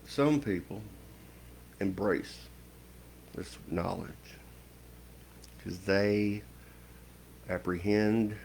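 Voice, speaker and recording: Deep gravelly man lecturing sternly. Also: steady tone, darkish tone, a little hiss or hum, poor audio. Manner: measured, stern and preachy, with long pauses. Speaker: occult teacher. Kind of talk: slow spiritual lecture to camera.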